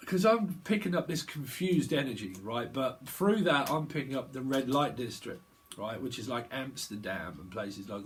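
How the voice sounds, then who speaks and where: A man's voice: medium pitch, animated, measured pace, a little hiss or hum. A man giving a rambling psychic tarot reading, chatty and digressive, laughing often. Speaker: tarot reader.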